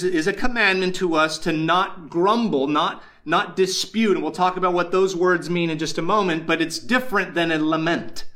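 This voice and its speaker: A man preaching a sermon as pastor, earnest, slowing down to stress key phrases. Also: high-pitched, a bit bright.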